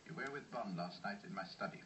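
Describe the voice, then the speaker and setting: An actor playing a cold, suave male villain who speaks with calm, polite menace, heard in a film clip. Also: on the low side, fast, a crowd in the background, natural voice. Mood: icy. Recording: film soundtrack clip, distant, faint ambience.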